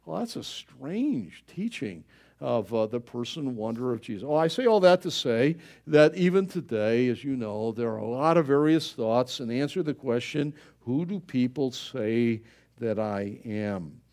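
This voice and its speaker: A man preaching a sermon, animated, with many fillers, rising in volume for emphasis. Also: medium pitch. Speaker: pastor.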